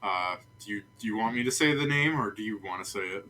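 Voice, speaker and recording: Male game master, loose and chatty, lowish, bright voice. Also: animated, quick pace, slight background noise. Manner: loose, chatty, laughs often. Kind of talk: narrating a tabletop game.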